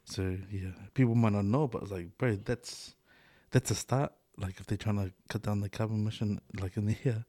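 A middle-aged New Zealand man talks in a fairly low voice, loose and chatty, swearing and laughing as he goes. The sound is dry and close, with no room around it. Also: steady tone, normal speed, few pauses, dark tone, dry recording. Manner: loose, swears a lot, laughs often, fillers like "eh" and "bro". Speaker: podcast co-host. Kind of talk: casual chat.

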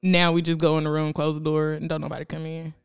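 A woman's voice: low-pitched, quick pace, smooth. A young woman co-hosting a casual, explicit podcast chat, telling stories with lots of laughter and acting out her friends in quotes. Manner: animated storyteller, voices friends in quotes, laughs often. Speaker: podcast co-host.

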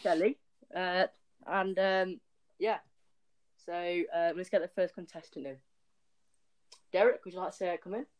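A man's voice: high voice, steady tone, measured pace, long pauses. A man hosting a casual podcast in a chatty, loose way. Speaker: host.

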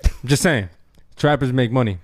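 A man's voice: medium pitch, normal speed, dry recording. Laid-back joking man on a podcast. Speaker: podcast co-host. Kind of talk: casual podcast chat.

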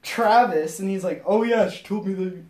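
A man's voice: high voice, moderate pace, darkish tone. A young man in a crude, teasing chat among friends. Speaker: podcast co-host. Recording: roomy echo.

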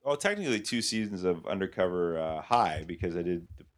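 A Canadian man who writes for comedy shows tells rambling stories in a casual podcast chat, swearing freely and doing voices when he quotes people. His voice sits low, expressive and fairly quick.

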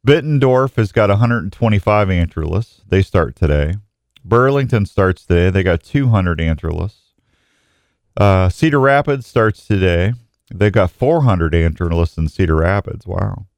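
A man's voice: sits low, animated, moderate pace, dry recording, studio quality. A middle-aged man hosting a radio show, talking in a folksy, rambling way. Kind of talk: casual radio talk.

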